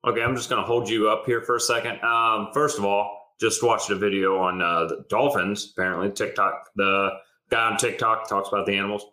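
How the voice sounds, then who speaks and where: A man's voice: on the low side, steady tone, brisk, sharp tone. A man co-hosting a podcast in casual chat, joking bluntly and telling stories in a rush. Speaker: podcast co-host. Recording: echoey room sound.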